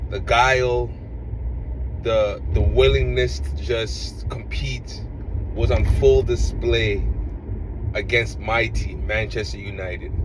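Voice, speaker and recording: A man's voice: medium pitch, a little hiss or hum, poor audio. A man talking as a football fan in a casual reaction vlog, frustrated and ranting, often repeating himself.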